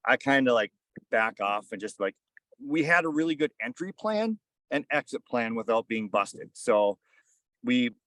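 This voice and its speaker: A man's voice: mid-range voice, fairly bright tone, no room sound. A man in his thirties or forties, a podcast guest, telling a casual story in a rambling way full of "kinda" and "like.". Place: on a fishing boat.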